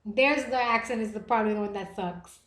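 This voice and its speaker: A young American woman hosting a livestream podcast, chatting casually with viewers in a playful, animated way. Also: medium pitch, brisk. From United States. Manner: animated and playful, with gasps and bursts of laughter. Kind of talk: casual livestream chat reading viewer comments. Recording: echoey room.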